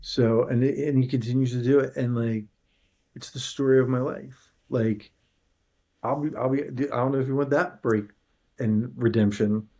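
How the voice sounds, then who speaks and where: A man's voice: mid-range voice, steady tone, moderate pace, mellow, dull audio. A male screenwriter as an interview guest, telling a personal story in an earnest, emotional, casual way.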